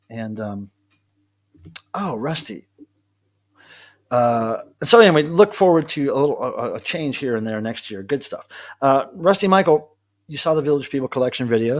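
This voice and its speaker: A man hosting a casual live stream from home, chatting in a rambling way and answering viewers' comments. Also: on the high side. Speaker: livestream host. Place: at home with his cats.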